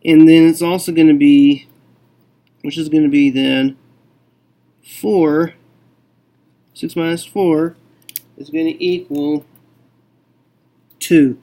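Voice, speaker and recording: A man teaching a math lesson, working through a problem slowly and thinking aloud with frequent okays. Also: on the high side, fairly even intonation, mellow.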